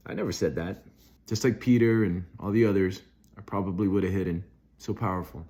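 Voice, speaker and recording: A man's voice: low voice, fairly even intonation, fast talker, mellow. A middle-aged man speaking earnestly off the cuff in a devotional monologue, with restarts and bursts of rising emphasis. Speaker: Christian video host.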